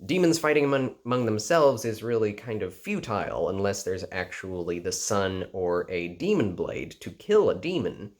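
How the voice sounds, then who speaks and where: A man with a lowish voice recaps an anime episode in a casual, animated way. He leans on "like" and "you know" as he talks through the plot. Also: moderate pace, hardly any pauses. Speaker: anime reviewer.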